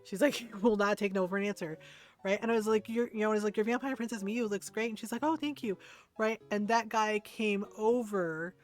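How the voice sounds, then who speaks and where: A woman's voice: medium pitch, fairly even intonation, a little fast, soft background music. Rambling woman streamer, casual chat. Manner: rambling, filler-heavy, keeps asking "right?". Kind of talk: casual storytelling chat while gaming.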